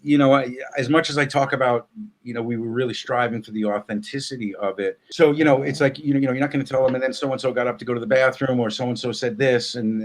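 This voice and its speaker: A medium-pitched man is a guest in a casual interview, speaking thoughtfully but haltingly, full of fillers and restarts.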